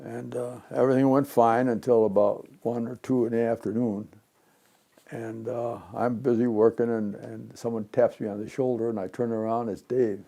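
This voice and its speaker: A gravelly, dark-toned man in his nineties from Chicago, reminiscing in an interview. He rambles through his memories with animation and slips into the voices of the people he describes. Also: mid-range voice, flat delivery, moderate pace. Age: 90s. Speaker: interviewee, retired pinball designer. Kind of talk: reminiscing storytelling.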